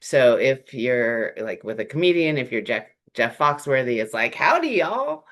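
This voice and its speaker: A workshop presenter speaking in a relaxed, conversational way, with frequent fillers and lively shifts in tone. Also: mid-range voice, moderate pace. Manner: animated, acts out short quoted greetings; chatty, with frequent "um" and "like".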